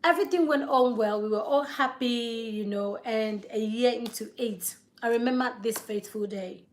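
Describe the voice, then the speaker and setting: Woman, thirties, slightly high voice, live storytime vlog, earnest, emotional, repeats words for emphasis. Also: normal speed. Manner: checks in with listeners. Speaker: vlogger.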